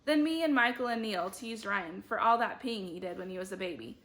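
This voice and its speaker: A woman reading a children's chapter book aloud, lively, with big jumps in her voice as she voices the children and teachers. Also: mid-range voice, fairly quick. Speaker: book club reader.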